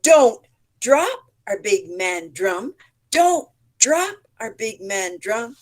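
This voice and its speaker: A troop of cheerful storybook monkeys chanting a rhythmic, sing-song refrain, as a woman storyteller puts them on. The chant is slow and deliberate, every beat stressed. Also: a little high, very animated, heavily acted.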